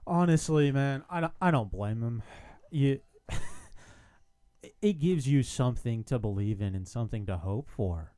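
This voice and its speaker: A man co-hosting a casual podcast chat, sardonic and animated, who swears freely. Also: medium pitch, measured pace. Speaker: podcast co-host.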